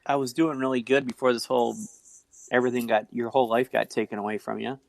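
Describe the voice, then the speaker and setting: A man's voice: mid-range voice, flat delivery, quick pace, vocal fry, dry recording. A man co-hosting a podcast in a laid-back, joking chat. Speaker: podcast co-host. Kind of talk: casual chat.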